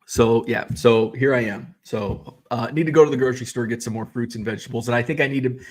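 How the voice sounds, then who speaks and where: A man talks off the cuff from behind the wheel, rambling from one complaint to the next. He swears freely and sounds exasperated as he vents. His pitch sits in an ordinary middle range. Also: steady tone, fast talker. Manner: rambling, profane, exasperated ranting. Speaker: vlog host. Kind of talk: casual rambling monologue.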